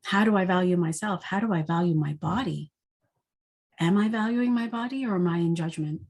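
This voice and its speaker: Woman, lowish voice, intuitive forecaster, casual spiritual monologue, reflective, rhetorical questions. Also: fairly quick, a little mellow.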